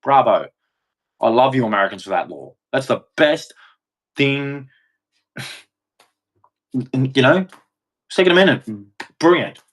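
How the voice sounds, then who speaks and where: A man's voice: mid-range voice, expressive, takes it slowly, pauses often. A man giving an emphatic, repetitive monologue, swearing and acting out quoted voices as he goes. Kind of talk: ranting monologue.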